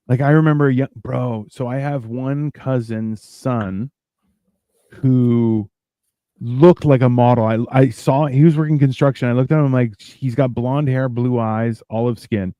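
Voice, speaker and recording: A man's voice: mid-range voice, warm tone, no echo. A man co-hosting a podcast in casual chat, a rambling storyteller who acts out other people's lines. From Canada. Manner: rambling storyteller, acts out quotes in raised voices. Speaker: podcast co-host.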